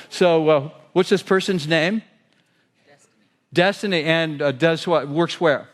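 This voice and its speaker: A man's voice: high voice, normal speed. Man giving a keynote in an echoing hall. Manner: storytelling with quoted voices and audience questions. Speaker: keynote sales speaker. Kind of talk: keynote speech. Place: large hotel ballroom. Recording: long hall reverb.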